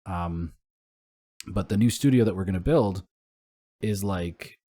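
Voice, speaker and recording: A young man co-hosting a casual gaming podcast, talking in a relaxed, rambling way with frequent swearing. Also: sits low, a little slow. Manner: relaxed and rambling, swears often, laughs along. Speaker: podcast co-host.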